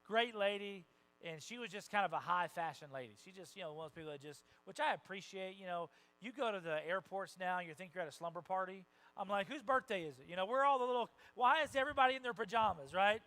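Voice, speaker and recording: Animated male pastor preaching. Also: high-pitched, fast, poor audio. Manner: animated, conversational preaching with quoted voices and sudden loud rises. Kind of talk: sermon. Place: church sanctuary.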